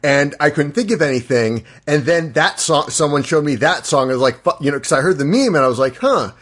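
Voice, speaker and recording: Rambling man, slightly high voice. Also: animated, a little fast, fairly bright tone. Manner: rambling, heavy use of "like". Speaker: podcast host. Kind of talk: casual chat.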